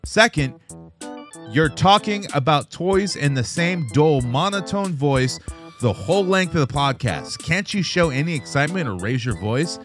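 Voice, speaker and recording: A man's voice: a little high, lively intonation, measured pace, faint music behind, voice pushed up. A man voicing a sneering male critic with an exaggerated, mocking delivery.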